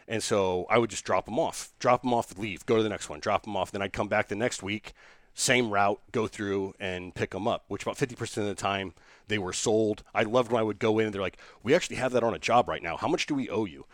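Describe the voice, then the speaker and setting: A man, a business owner telling a lively story in an interview, restarting sentences and acting out the people he quotes. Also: lowish voice, brisk, no room sound, studio quality.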